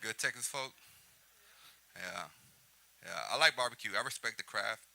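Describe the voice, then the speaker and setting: A man's voice: medium pitch, normal speed, gravelly, pushed and bright. A man doing a stand-up set in a comedy club, chatting with the crowd between one-liners. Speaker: stand-up comic.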